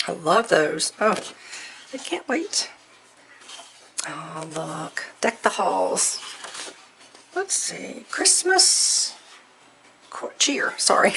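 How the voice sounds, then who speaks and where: A woman chatting through an unboxing, gushing softly and at times dropping to a near whisper. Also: medium pitch, vocal fry, a little hiss or hum. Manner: gushing, soft-spoken, often near a whisper. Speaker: crafting vlogger. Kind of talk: unboxing chat.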